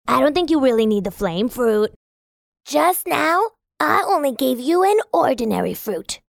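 A woman's voice: sits high, sing-song, measured pace, vocal fry, no echo, clean studio sound, exaggerated voice. Woman voicing a cocky little fire elf. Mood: confident. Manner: confident, a bit boastful. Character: cocky small male fire elf, wise and proud. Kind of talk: children's storybook voice acting.

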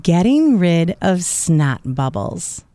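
Slow, gentle woman storyteller. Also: fairly low pitch, noisy background. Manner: gentle, clear, expressive storytelling. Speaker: narrator. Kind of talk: children's storybook narration. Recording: dry studio voice.

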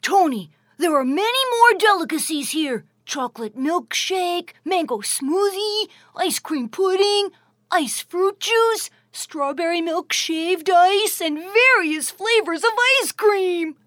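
A woman's voice: extremely high pitch, expressive, slow, sharp tone, dry recording, studio quality, full character voice. A woman voicing a small, proud talking ice cream superhero in a children's audio story, chirpy and dramatic. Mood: excited.

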